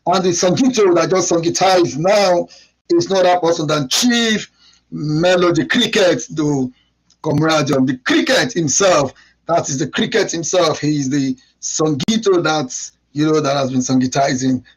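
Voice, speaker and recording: A man's voice: on the high side, unhurried, breathy edge, low-quality recording. Preacherly man hosting a live stream. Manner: repetitive, preacherly, emphatic. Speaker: live show host. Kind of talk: live stream welcome and prayer.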